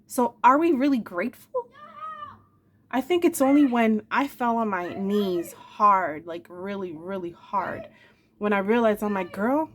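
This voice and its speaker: A woman's voice: medium pitch, slight background noise. Earnest woman vlogger pouring her heart out. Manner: earnest and emotional, addressing viewers as "my darlings"; repeats phrases for emphasis. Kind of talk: heartfelt confessional vlog talk.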